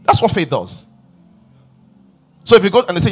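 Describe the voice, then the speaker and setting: A middle-aged man preaching a sermon as pastor, emphatic and rising to shouts. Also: sits high, very animated, normal speed, breathy edge.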